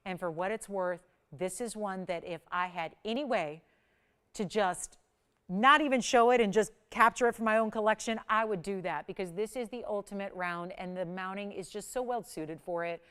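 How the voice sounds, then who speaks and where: A woman hosting a live shopping channel jewelry segment, delivering an effusive, gushing sales pitch with urgent calls to buy. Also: moderate pace, clean tone. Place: TV studio.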